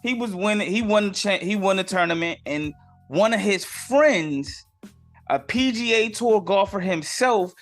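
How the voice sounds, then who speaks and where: Man, sports podcast host, high voice, casual slangy commentary, exasperated asides, faint background music. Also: animated, measured pace.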